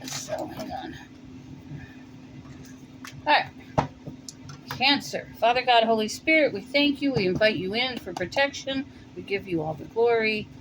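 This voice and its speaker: Still warm and winded from shoveling, a tarot reader at her Colorado home does a casual, animated reading in a New York accent. Her slightly high voice drifts through out-loud thinking and filler-laden pauses, over a faint hum of noise.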